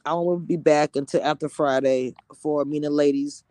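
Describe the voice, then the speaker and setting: A woman's voice: sits low, steady tone, warm tone, no room sound, rough recording. Livestream host, woman from Louisiana, sassy and teasing, on a phone in a dry, close sound. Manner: sassy, playful, teasing, quick to laugh. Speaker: reality TV reviewer, livestream host. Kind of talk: casual livestream chat with viewers. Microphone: phone with headphones.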